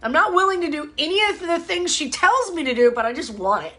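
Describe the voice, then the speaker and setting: A woman's voice: high voice, expressive, quick pace, sharp tone, pitched above the performer's own voice. A woman mimicking a pushy, demanding gym client who swears freely. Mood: greedy.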